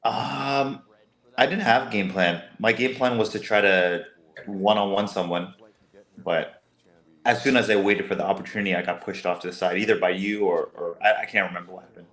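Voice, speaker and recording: A man chatting casually on a livestream about a game he played, relaxed and a bit hesitant. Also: fairly low pitch, moderate pace. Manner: relaxed, hesitant, many fillers. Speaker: show participant.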